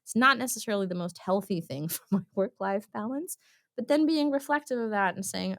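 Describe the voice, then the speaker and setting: A woman's voice: mid-range voice, a little fast, creaky, a bit bright. A woman talking as a guest in a podcast interview, telling personal stories in a chatty way and acting out what people said. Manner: chatty storyteller, acts out quotes. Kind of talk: conversational interview.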